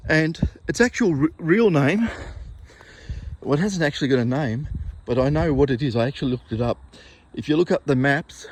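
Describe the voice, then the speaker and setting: Man vlogging outdoors, slow and winded, slightly high voice, clear outdoor noise behind. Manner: out of breath, huffing while climbing. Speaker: metal detecting vlogger. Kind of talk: casual outdoor vlog. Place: steep hillside outdoors.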